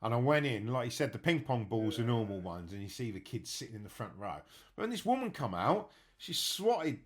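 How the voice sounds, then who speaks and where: A man's voice: medium pitch, brisk. A man hosting a podcast, telling crude stories in casual banter. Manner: crude, animated storytelling. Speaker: podcast host.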